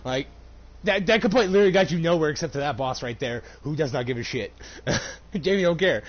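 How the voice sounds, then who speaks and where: A young man rants about his cashier job while he plays, swearing freely and laughing through his story. His voice sits fairly high and swings widely in pitch. The recording sounds dull and lo-fi. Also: animated, a little fast. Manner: profane, laughing, heated retelling. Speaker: store cashier. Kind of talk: casual storytelling while gaming.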